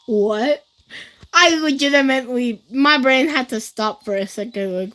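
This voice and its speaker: Slow-talking teen girl chatting to her stream. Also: sits high, fairly bright tone, slight background noise, poor audio. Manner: chatty, rambling, many fillers, speaks straight to chat. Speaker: livestreamer. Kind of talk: casual storytelling to a live chat.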